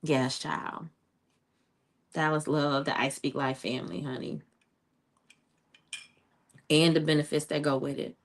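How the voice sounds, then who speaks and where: A middle-aged woman speaks in a low voice. She chats with her livestream audience in a casual, familiar way. She calls them "child" and "honey.". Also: level tone, a little slow, pauses often. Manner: chatty, talks to viewers, says "child" and "honey". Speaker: livestream host.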